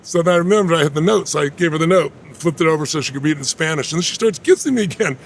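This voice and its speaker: Gravelly, fast-talking man in his sixties. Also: a little high, slight background noise. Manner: animated, emphatic storyteller. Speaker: guest. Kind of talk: interview storytelling.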